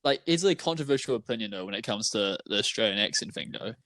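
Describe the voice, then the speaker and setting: A man's voice: lowish voice, lively intonation, fast, fairly bright tone, no room sound. A young man with a New Zealand accent, rambling, stumbling and laughing in casual podcast chat. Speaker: podcast co-host.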